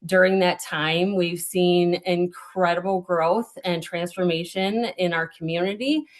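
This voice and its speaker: Earnest woman mayor, lowish voice. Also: fairly even intonation, measured pace. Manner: earnest, with many ums and self-corrections. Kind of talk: prepared remarks at a town hall.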